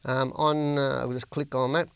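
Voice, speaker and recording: A man's voice: mid-range voice, little pitch movement, moderate pace, vocal fry, smooth, no echo, clean studio sound. An Australian man hosting a share trading podcast, talking casually through stock charts and viewer questions, blunt and repetitive for emphasis. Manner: chatty and blunt, repeats words for emphasis.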